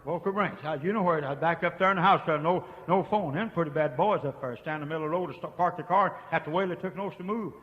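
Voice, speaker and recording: A man preaching a holiness sermon, telling folksy stories and swinging from hushed pleading to shouting. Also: on the high side, rapid-fire, few pauses. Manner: folksy storytelling. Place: church sanctuary. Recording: muffled echoey church tape, faint hiss.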